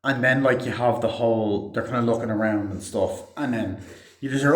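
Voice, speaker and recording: A mid-range male voice at normal speed gives a loose, rambling take on a movie. He swears a lot and fills his speech with "like" and "um," and the room echoes noticeably around him.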